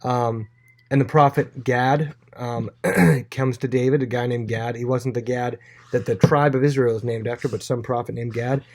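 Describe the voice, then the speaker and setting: Guy teaching a bible class, casual and chatty, mid-pitched voice, lots of ums. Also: fairly even intonation, moderate pace, darkish tone. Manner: chatty, acts out quotes in playful voices.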